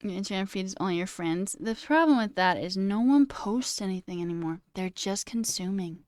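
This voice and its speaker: This woman in her twenties streams coding and chats casually while going through stream chat. She talks fairly quickly at medium pitch, ranting animatedly, swearing and saying "like" a lot, all in studio-quality sound with no room sound.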